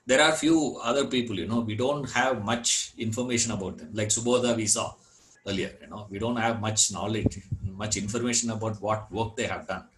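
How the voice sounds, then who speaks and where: A man teaching a scripture class, unhurried, repeating words and filling gaps with "you know". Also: fairly low pitch, fairly bright tone, slight background noise, poor audio. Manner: chants Sanskrit verse. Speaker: Vedanta teacher.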